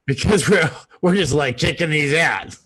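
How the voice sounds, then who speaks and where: A man's voice: fairly high pitch, animated, normal speed, a bit bright, husky. A man co-hosting a casual online guessing game, joking and reading out viewers' guesses over a video call. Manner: jokey, reads out viewers' guesses. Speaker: co-host. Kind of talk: casual live-stream game chat.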